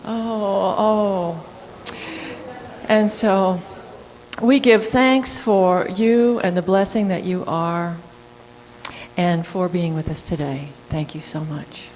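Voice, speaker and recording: A woman's voice: on the low side, fairly even intonation, slow, a crowd in the background. Woman leading church announcements. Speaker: service leader. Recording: echoey hall with faint hum.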